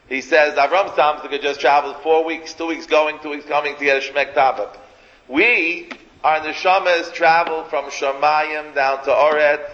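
A man's voice: on the high side, fairly even intonation, normal speed, a bit bright. A man preaching a sermon as a rabbi, telling a story in a repetitive, emphatic way and scattering Yiddish and Hebrew words through his talk. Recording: echoey hall, dull lo-fi sound.

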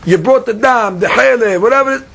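With a very high, gravelly voice and a brisk pace, this man gives an energetic Talmud lesson full of questions. He keeps repeating words and weaves in terms from Hebrew and Aramaic.

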